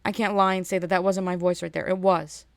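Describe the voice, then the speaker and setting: A woman hosting a podcast, ranting in a casual, animated way and often restarting and repeating her words. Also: fairly low pitch, a little fast, no echo, studio quality. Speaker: podcast host. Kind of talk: casual solo rant.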